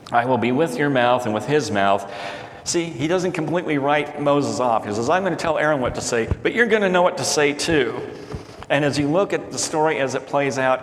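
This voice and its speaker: A man's voice: mid-range voice, a little hiss or hum. A man preaching a sermon as pastor, reading scripture aloud and retelling it in casual modern words. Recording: echoey hall with faint ambience.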